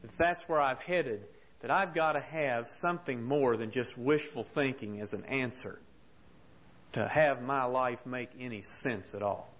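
A man's voice: mid-range voice, measured pace, fairly bright tone, a little hiss or hum, low-quality recording. A man preaching a sermon, telling a story earnestly and building to impassioned rhetorical questions. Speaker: pastor.

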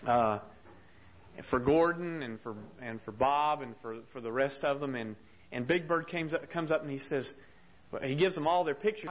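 A man's voice: medium pitch, normal speed, poor audio. A man preaching a sermon, telling a story earnestly and building to impassioned rhetorical questions. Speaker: pastor.

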